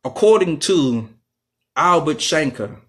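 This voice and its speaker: A man's voice: big pitch swings, slow pace. Fiery, emphatic man lecturing. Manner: fiery and emphatic, swinging from loud outbursts to low intensity. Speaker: radio talk show host. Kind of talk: impassioned lecture.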